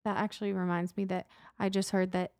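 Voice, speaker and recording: A woman telling stories in a casual chat, animated and acting out the voices of the people she quotes. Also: fairly quick, dry recording, studio quality. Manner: animated, acts out quoted voices in a higher pitch.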